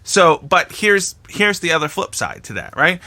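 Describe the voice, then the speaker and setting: Male podcast co-host, profane animated storyteller, bright tone. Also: fairly high pitch, unhurried. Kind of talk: casual podcast chat.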